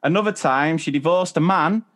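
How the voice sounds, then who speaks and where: A man's voice: fairly high pitch, moderate pace, a bit bright. Man hosting a chatty podcast. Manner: reads out stories and quizzes his co-host. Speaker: podcast co-host. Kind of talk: casual chat.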